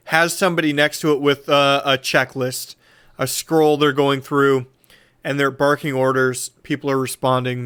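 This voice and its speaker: Slow, bright-voiced game master. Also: male voice, on the high side, clean tone. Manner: slow, halting descriptions with fillers. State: tipsy. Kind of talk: narrating a tabletop game.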